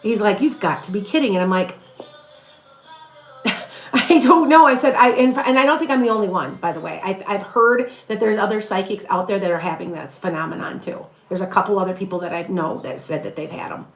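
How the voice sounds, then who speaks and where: A middle-aged psychic from northern Illinois, near Chicago, with a slight Wisconsin accent, chats through live readings on a stream, answering viewer questions. She rambles, restarts often, and laughs frequently, speaking briskly in a mid-range voice in an echoey room with soft background music.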